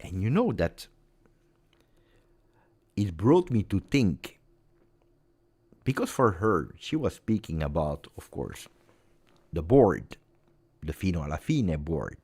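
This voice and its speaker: A man's voice: sits low, big pitch swings, slow, pauses often, darkish tone, husky. A middle-aged man with an Italian accent, hosting a casual football chat with viewers and often repeating phrases for emphasis. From Italy. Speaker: football channel host.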